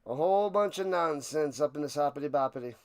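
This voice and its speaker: A man hosting a live stream, giving play-by-play commentary and chatting with viewers, erupting into loud excitement on big plays. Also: fairly high pitch, quick pace. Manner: chatty, answers viewers' questions. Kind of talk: play-by-play commentary with chat banter.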